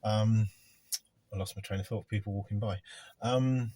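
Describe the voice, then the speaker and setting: A middle-aged man, a gardener hosting a casual vlog chat in a van, loud and rambling. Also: on the low side, steady tone, moderate pace, no room sound. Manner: loud, chatty, rambling, self-deprecating. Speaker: gardening business owner, vlog host. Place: inside a van.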